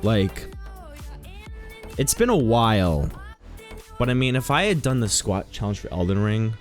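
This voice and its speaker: Lively low-voiced male streamer. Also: measured pace, soft background music. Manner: rambling, joking, self-mocking. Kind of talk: casual live-stream commentary.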